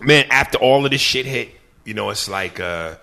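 A man's voice: mid-range voice, lively intonation, normal speed, gravelly, pushed and bright. A male guest in casual chat, telling profane stories and acting out quotes with animation.

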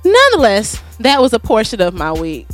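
A woman co-hosting a podcast, telling a profane story with lively acted-out quotes. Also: a little high, brisk, faint music behind. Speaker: podcast co-host. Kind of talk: casual storytelling chat.

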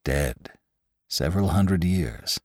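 A man voicing a pale, cold dead man risen from the grave, speaking low, quiet and menacing in an audiobook story. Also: lively intonation, slow pace, dry recording, studio quality, exaggerated voice.

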